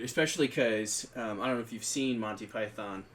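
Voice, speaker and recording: A man's voice: lowish voice, fairly quick, a bit bright. A man co-hosting a podcast, talking about tabletop games in a rambling, conversational way with frequent restarts. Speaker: podcast co-host.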